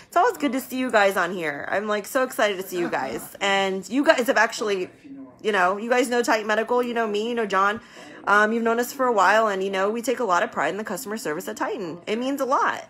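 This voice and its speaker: Woman business owner, casual live chat, bright tense tone, repeats herself for emphasis. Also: a little high, lively intonation, fairly quick. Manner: chatty, rambling, repeats words for emphasis. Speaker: medical business owner hosting a live stream. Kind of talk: casual live-stream talk.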